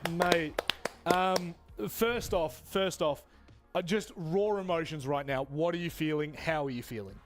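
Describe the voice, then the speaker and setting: A man hosts a live esports broadcast with a high, bright-sounding voice. He talks in an energetic, jokey way. Faint music plays underneath. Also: measured pace. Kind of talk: excited live esports desk talk.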